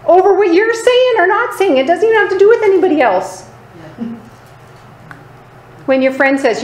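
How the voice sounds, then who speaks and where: A woman's voice: expressive, moderate pace, pauses often. Emphatic woman preaching in an echoey room. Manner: emphatic, repeatedly asking "Right?" for agreement; acts out other people's lines in lower, quieter voices. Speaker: Bible teacher. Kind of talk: sermon. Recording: echoey room, faint background noise.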